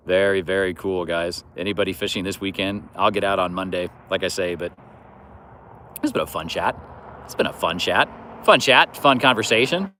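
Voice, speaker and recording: A man's voice: deep voice, moderate pace, pauses often, fairly bright tone, slight background noise. A man hosting a fishing livestream, chatting casually and rambling with lots of "you know" as he answers viewers' comments. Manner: easygoing, rambling, many fillers like "you know".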